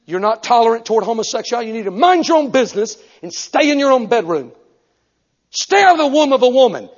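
A man's voice: high-pitched, lively intonation, fairly quick, vocal fry, slightly rough, muffled recording, heavily acted. Preacher voicing ranting angry plane passenger man. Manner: angry accusing rant. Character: ranting hostile male airplane passenger.

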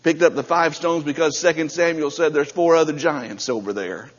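A man preaching a sermon, moving from a quiet prayer into fervent, rising storytelling. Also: fairly high pitch, normal speed. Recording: muffled hall recording with long reverb.

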